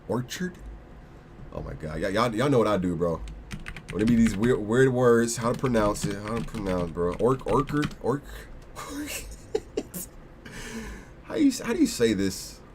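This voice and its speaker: Rambling low-voiced guy streaming. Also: sing-song, a little slow, long pauses, background noise. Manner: rambling, with many restarts and slangy asides. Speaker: crypto livestream host. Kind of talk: casual livestream chat.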